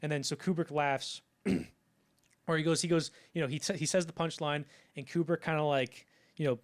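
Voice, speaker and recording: A man co-hosting a film history podcast, telling behind-the-scenes anecdotes in a casual, animated way and acting out the quotes. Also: on the high side, normal speed. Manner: animated storytelling, acts out quoted lines. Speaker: podcast co-host.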